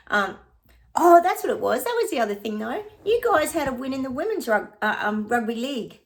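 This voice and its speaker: A woman's voice: sits high, big pitch swings, fairly quick. A woman giving a casual psychic reading, chatting to her viewers as "guys" and breaking into bits of song. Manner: breaks into short bits of song and laughs often.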